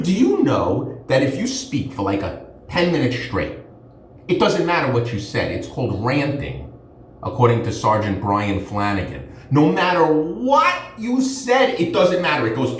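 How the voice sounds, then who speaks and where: A man's voice: medium pitch, heavy reverb, far from the mic, slight background noise. A man, a forensic accountant, rambling sarcastically in a heated monologue while he shaves.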